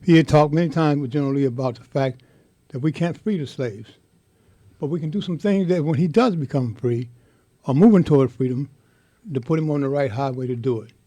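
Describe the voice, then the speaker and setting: An older man telling a heartfelt story in an interview, speaking with impassioned, halting repetition. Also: fairly high pitch, warm tone, no echo. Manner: impassioned, halting, repeats words. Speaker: interviewee, veteran.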